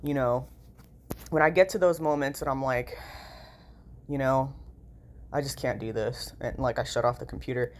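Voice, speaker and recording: This vlogger is a tired, sleep-deprived woman whose nasal voice rumbles low at a moderate pace, broken by long pauses. Her casual vlog rambles along, packed with "like" and "you know," and she swears freely.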